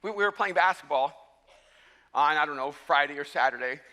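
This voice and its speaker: A pastor aged fifty or older preaches with a bright, forceful voice that sits on the high side, talking a little fast. His sermon is full of stories, self-deprecating humor and frequent restarts, and the large church auditorium gives it a long hall reverb.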